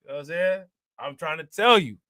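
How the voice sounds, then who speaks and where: A man's voice: on the high side, expressive, fairly quick, sharp tone, dry recording, studio quality. A man hosting a crypto livestream in casual chat, joking, laughing and slangy. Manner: joking, laughing, slangy, repeats "you know what I'm saying".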